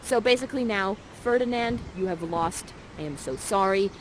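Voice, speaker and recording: A woman's voice: medium pitch, expressive, normal speed, slight background noise, low-quality recording. A young woman acting as a live interactive theater narrator who guides the audience in a bubbly, casual way, full of "like". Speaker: immersive theater actor guiding the audience.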